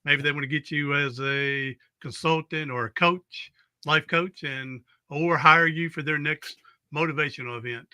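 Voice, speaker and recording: A man's voice: a little high, steady tone, moderate pace, pushed and bright, clear, resonant tone, dry recording, studio quality. A man with a Southern US accent hosting a podcast in casual interview chat, drawling and chatty. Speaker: podcast host.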